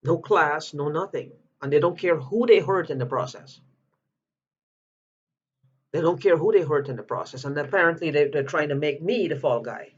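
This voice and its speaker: A man's voice: a little high, normal speed, breathy edge. A man speaking in an upset personal video, agitated, repeating himself and breaking off mid-word as he pleads for help. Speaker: vlogger asking for help. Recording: dull lo-fi audio.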